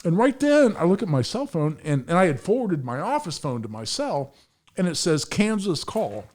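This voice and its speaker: A man's voice: high-pitched, very animated, normal speed, darkish tone. A middle-aged man telling a story as a podcast guest, emphatic and profane, acting out the voices of the people in it. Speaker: podcast guest, firearms attorney. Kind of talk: animated storytelling.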